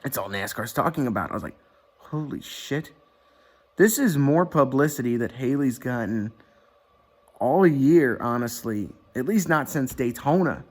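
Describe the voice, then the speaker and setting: A man's voice: mid-range voice, lively intonation, moderate pace. A man talking casually to his camera at home, rambling with lots of fillers and restarts and plenty of swearing. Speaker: vlogger. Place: indoor room at home. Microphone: webcam or computer mic.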